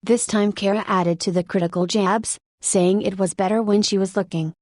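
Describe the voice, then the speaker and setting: A woman narrating a nonfiction audiobook in an even, measured reading. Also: medium pitch, no echo.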